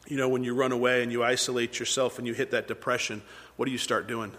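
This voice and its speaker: In a hall with long reverb, a male pastor delivers a sermon, explaining scripture conversationally and putting questions to his congregation. His mid-range voice is fairly bright and flat, and he talks fast.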